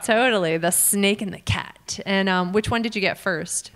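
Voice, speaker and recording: American woman comic, quick joking crowd work, self-mocking, small live room. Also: medium pitch, fairly bright tone. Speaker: comedian working the crowd.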